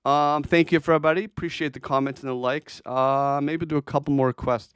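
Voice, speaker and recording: A man's voice: fairly high pitch, fairly even intonation, brisk, clean tone, no echo, clean studio sound. A man hosting a crypto trading livestream, chatting casually and bluntly as he answers viewer requests, with plenty of fillers and restarts. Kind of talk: casual livestream chart commentary.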